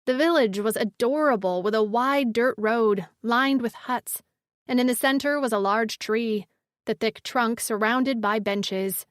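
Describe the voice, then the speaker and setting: A woman narrating a first-person fantasy audiobook in a measured storytelling manner. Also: a little high, no echo, clean studio sound.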